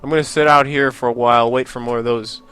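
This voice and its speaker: A man's voice: medium pitch, fairly even intonation, fast, a bit bright, smooth, faint music behind. A young man casually commenting over his own gameplay, rambling and joking at himself with frequent laughs. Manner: rambling, self-mocking, laughs often. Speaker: Let's Play host.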